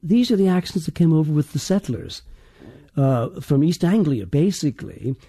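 A man with a partly Irish accent, a dialect coach explaining in a halting way with many restarts. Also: on the high side, big pitch swings, mellow, breathy edge, no echo, studio quality. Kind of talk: explanatory interview talk.

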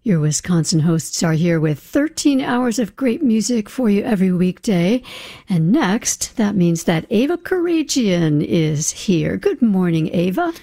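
A woman hosting a classical music radio show, announcing the last piece in a measured studio delivery. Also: medium pitch, big pitch swings, warm tone, no room sound. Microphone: studio microphone.

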